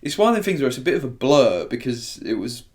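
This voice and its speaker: A man's voice: mid-range voice, big pitch swings, quick pace, darkish tone. A young man, a podcast guest chatting casually and laughing as he reminisces, with frequent restarts and fillers. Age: young adult. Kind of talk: casual chat.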